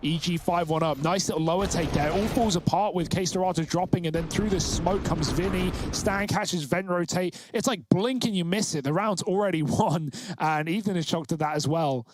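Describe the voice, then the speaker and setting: A man calling live esports play-by-play, quick and chatty as he breaks down tactics. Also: high-pitched, background noise. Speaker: esports caster.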